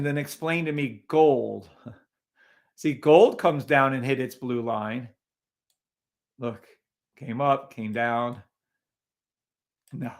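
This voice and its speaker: A man hosting a live trading stream, talking casually over charts and greeting viewers in the chat, often sounding incredulous. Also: medium pitch.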